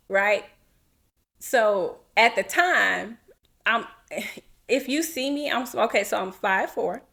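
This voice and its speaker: A woman in her thirties, a podcast co-host, telling a personal story in an animated, casual way and acting out what people said. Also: medium pitch. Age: 30s. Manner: animated, acts out quotes, laughs while telling.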